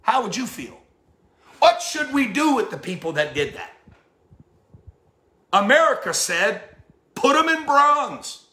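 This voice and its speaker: High, bright-voiced man preaching fervently. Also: big pitch swings, unhurried, pauses often. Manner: fervent, stammering repetitions, rhetorical questions. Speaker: bishop preaching. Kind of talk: impassioned sermon. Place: church. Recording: echoey church sanctuary.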